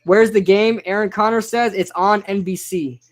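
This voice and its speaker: Excitable high-voiced young man streaming. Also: normal speed. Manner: excitable, chatty, reads out chat names. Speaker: livestreamer reacting to a football game. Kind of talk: casual live-stream commentary.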